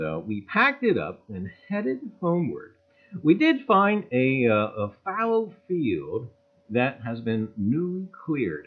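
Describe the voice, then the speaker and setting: A man's voice: mid-range voice, slightly rough. A middle-aged man hosting a casual livestream, greeting viewers by name in a folksy, rambling way and often saying "I tell you what". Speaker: livestream host. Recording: tinny phone-like audio.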